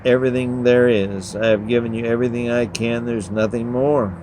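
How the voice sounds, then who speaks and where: A man reading a story aloud, voicing God as a calm, sincere, fatherly creator. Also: medium pitch, brisk, background noise, lightly acted. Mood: reassuring. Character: God, patient fatherly male creator, earnest.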